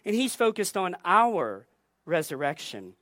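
A woman pastor delivers a sermon at an unhurried, measured pace, leaning on emphatic repetition. Her voice sits in a middle register and sounds close and dry, with no room echo. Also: on the low side, very animated, fairly bright tone. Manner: deliberate, emphatic preaching with repeated phrases.

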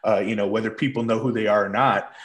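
Lower-voiced man hosting a podcast. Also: steady tone, fast talker, fairly bright tone. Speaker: podcast host. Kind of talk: casual podcast interview.

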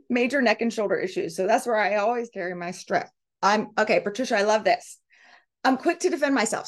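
A middle-aged woman hosting a coaching session, reading out participants' comments and acting out quoted voices. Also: mid-range voice. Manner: animated, reads out group comments, acts out quoted voices. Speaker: podcast host and coach. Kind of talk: coaching talk to a live group.

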